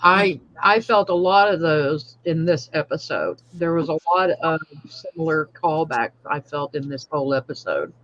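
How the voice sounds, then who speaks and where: A woman co-hosting a casual fan podcast, animated, saying y'all and laughing often. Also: sits low, moderate pace, hardly any pauses, muffled recording. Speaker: podcast co-host.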